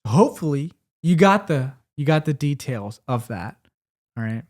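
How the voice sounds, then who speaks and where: A man's voice: a little high, big pitch swings, moderate pace, darkish tone. A young man from Indiana co-hosting a casual podcast chat, playful and teasing, leaning hard on words for emphasis. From Indiana, USA. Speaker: podcast co-host.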